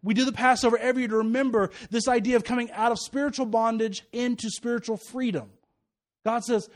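High-voiced man preaching a lively sermon. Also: fast. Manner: animated preaching, dropping low for asides and rising for warnings. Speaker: pastor.

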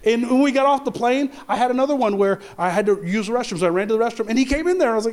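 Animated high-voiced male preacher. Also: racing, few pauses. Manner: animated storytelling, acts out quotes, rising to emphatic preaching. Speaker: pastor. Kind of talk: sermon with personal story. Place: church with congregation.

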